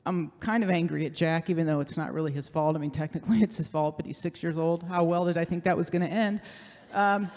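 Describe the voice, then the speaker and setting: A woman's voice: on the low side, a little mellow. A middle-aged woman telling a humorous personal story on stage, self-deprecating and chatty with many fillers. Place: showcase stage. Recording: long hall reverb.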